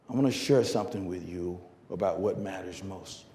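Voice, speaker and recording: A middle-aged man giving a conference keynote, telling a story that swings from loud bursts to hushed lines. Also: low voice, moderate pace, few pauses. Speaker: motivational speaker. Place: conference hall.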